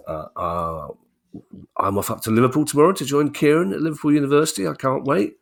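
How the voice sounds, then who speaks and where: A man's voice: a little high, expressive, quick pace, gravelly. A man co-hosting a podcast in casual chat, chatty and jokey with frequent restarts. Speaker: podcast co-host.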